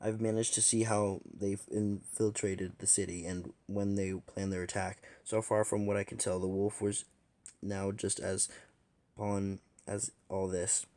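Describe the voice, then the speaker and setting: A man's voice: lowish voice, flat delivery, measured pace, darkish tone, no room sound. A man voicing a fantasy audio drama in a casual way, restarting lines as he goes. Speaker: fan audio drama reader.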